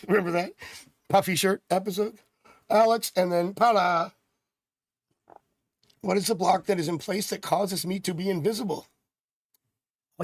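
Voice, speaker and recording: A middle-aged man from Canada reads tarot on a live stream, wandering into chatty, jokey stories between cards. His voice sits fairly high with a gravelly rasp. The sound is dry and close, with no room echo. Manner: rambling, chatty, jokey asides. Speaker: tarot reader.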